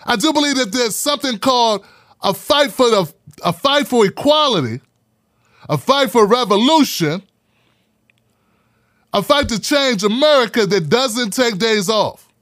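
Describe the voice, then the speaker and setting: A man hosting a live podcast, talking in an animated, preachy way and repeating phrases for emphasis. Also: very high-pitched, measured pace, pauses often, dry recording, clean studio sound. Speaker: podcast host. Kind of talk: live-streamed podcast talk.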